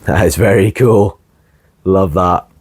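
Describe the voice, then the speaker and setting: A man hosting his own video, chatting casually and warmly about his record collection, rambling with plenty of ums. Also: sits low, takes it slowly, husky. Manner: relaxed and rambling, many ums, warm enthusiasm. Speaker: host.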